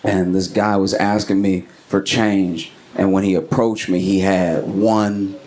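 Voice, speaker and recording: A man doing a stand-up comedy set on stage, telling stories in an animated way and acting out the voices of people in them. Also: low-pitched, unhurried. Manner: animated storytelling with acted-out voices. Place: comedy club stage before a laughing audience. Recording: noisy live club recording.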